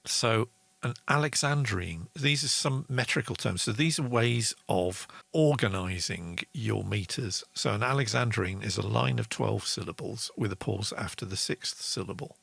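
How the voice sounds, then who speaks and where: A man's voice: lowish voice, moderate pace, creaky, fairly bright tone, husky, no room sound. A man hosting a casual songwriting lesson, chatty, reading out viewer comments. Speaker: songwriting show host.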